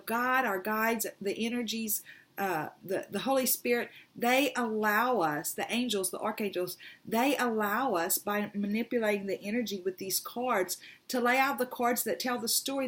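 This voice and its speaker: Woman, tarot host, rambling personal story, animated, middle pitch. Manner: animated, rambling, acts out quoted voices.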